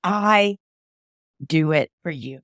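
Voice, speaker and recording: A woman's voice: low voice, expressive, slow pace, fairly bright tone, no echo, studio quality. A woman with a Southern US accent hosting a podcast, talking in an earnest, emotional way that sometimes sounds like a preacher's appeal. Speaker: podcast host. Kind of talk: heartfelt podcast monologue.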